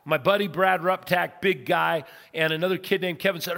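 A man's voice: sits high, moderate pace, vocal fry, few pauses. Preaching man in a reverberant hall. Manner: dramatic storytelling with big swings from loud to soft. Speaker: pastor. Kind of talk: sermon. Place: church sanctuary.

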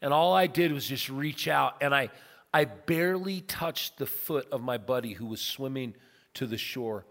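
A man's voice: mid-range voice, animated, moderate pace, creaky. Preaching man in a reverberant hall. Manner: dramatic storytelling with big swings from loud to soft. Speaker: pastor. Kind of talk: sermon. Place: church sanctuary.

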